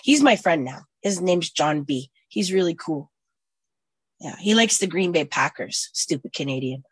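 A woman in her forties, blunt and profane, telling her own recovery story and swinging from hushed to loud. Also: on the low side, animated, unhurried, slightly rough, no room sound. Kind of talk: personal recovery testimony.

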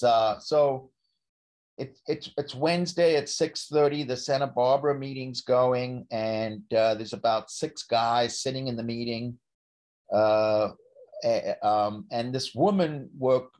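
Halting older man from South Africa. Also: medium pitch, darkish tone. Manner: halting, with many restarts and repeated words. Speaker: speaker sharing a recovery story. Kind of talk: personal storytelling talk.

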